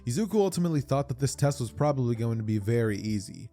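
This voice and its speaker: A man narrating a fan-made story in a loose, slangy, chatty way, stumbling over and restarting his phrases. His voice is mellow and soft-edged, at an ordinary pitch, with faint music underneath. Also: lively intonation, quick pace. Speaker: YouTube storyteller. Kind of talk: casual fan-fiction retelling.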